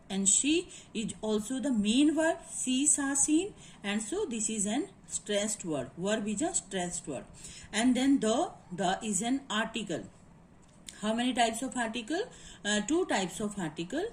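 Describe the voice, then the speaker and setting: A woman's voice: fairly high pitch, a little mellow, a little hiss or hum, poor audio. Indian-accented woman teaching English grammar. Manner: explanatory, repeats points and asks "is it clear?". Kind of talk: classroom lecture.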